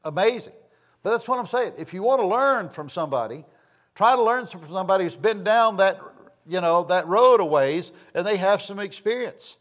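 A man's voice: high voice, expressive, normal speed. A man preaching a sermon, a folksy, rambling storyteller who repeats phrases for emphasis. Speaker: pastor.

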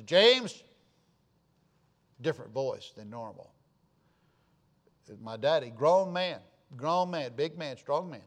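A male pastor preaches to his congregation. He tells stories in a plain, middle-range voice. He drops to hushed asides and then rises to loud, emphatic lines. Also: mid-range voice. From Florida. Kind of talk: sermon.

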